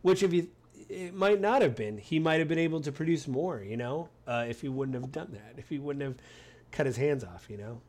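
A man co-hosting a casual film chat, animated and playfully acting out quoted lines. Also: on the high side, a little fast. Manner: animated, acts out quoted lines in funny voices. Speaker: podcast co-host discussing a film.

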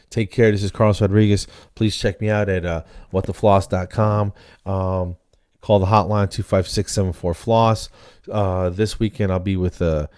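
A man's voice: deep voice, darkish tone, smooth, dry recording, clean studio sound. A man in his fifties hosting a comedy show, rambling through a casual monologue and chuckling at his own jokes.

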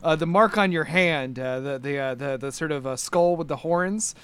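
High, clear-voiced game master. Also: male voice, fairly bright tone. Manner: halting, full of fillers and restarts. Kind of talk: narrating a tabletop game.

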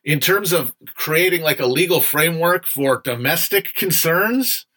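A man's voice: a little high, animated, unhurried, pushed and bright. A young man hosting a casual livestream book discussion, chatty and digressive, with frequent fillers and some swearing.

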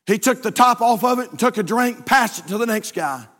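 Male pastor, very high voice, folksy storyteller, sermon in a long-echo church hall. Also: animated, brisk, fairly bright tone. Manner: storytelling, folksy, with rising emphatic repetitions. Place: church sanctuary.

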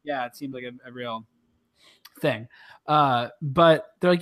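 A man co-hosting a casual podcast chat, retelling scenes with lots of swearing and quick mock quotes. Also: medium pitch. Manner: profane, animated retelling with quoted voices. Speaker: podcast co-host.

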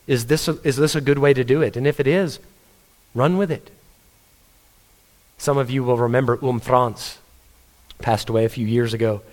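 Casting: male pastor, mid-pitched voice, earnest conversational sermon delivery, storytelling. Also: steady tone, normal speed, pauses often.

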